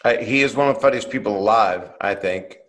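Low-voiced comic telling an anecdote. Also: male voice, fairly quick, a bit bright, low-quality recording. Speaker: comedian. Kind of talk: anecdote on a podcast.

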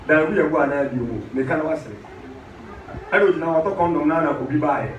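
A man's voice: fairly high pitch, moderate pace. A man preaching a sermon, switching between Twi and English, repeating phrases and raising his voice at the peaks. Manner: emphatic, repeats lines back, shouts at peaks. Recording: echoey room, distant mic, faint noise.

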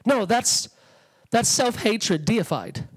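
High-voiced, lively male preacher. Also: takes it slowly, slightly rough, poor audio. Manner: passionate, conversational preaching with acted-out quotes. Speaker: guest preacher. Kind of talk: sermon. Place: church sanctuary.

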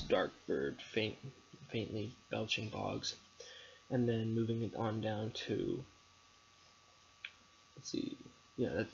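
His voice is lowish, gravelly and fairly bright. A young male student, he offers a hesitant spoken analysis of a poem for a recorded presentation, stumbling through ums and restarts on dull, lo-fi audio with faint noise.

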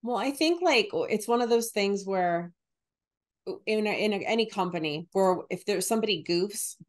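A woman's voice: medium pitch, lively intonation, moderate pace. Woman co-host, casual podcast chat, laughs a lot, mimics phrases. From New Jersey and New York. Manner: chatty, laughs often, imitates phrases.

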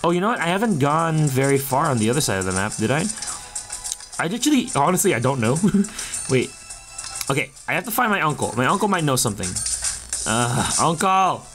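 A man's voice: a little high, sing-song, fast talker, a bit bright, soft background music. Giggly man playing a game aloud. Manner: giggly, reads dialogue aloud. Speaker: let's play gamer. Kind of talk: casual gameplay commentary.

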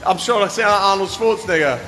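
A man running a live-stream sales pitch from a showroom. He drives the viewers on, shouting out calls to join in. His voice is high and bright, and it echoes through the room over background music. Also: quick pace. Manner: pushy, hyped, calls out to viewers, keeps asking "yeah?". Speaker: hot tub dealer hosting a giveaway livestream.

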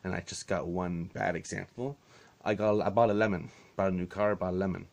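A man's voice: low-pitched, fairly even intonation, brisk, creaky, darkish tone. A man telling a story in a casual vlog, exasperated and sarcastic, swearing freely. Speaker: vlogger.

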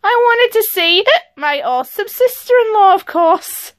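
A woman's voice: very high voice, lively intonation, a little slow, fairly bright tone, no echo, studio quality, pitched above the performer's own voice, exaggerated voice. A woman voicing a cheeky, drunk young brother-in-law in a story game, slurring her words.

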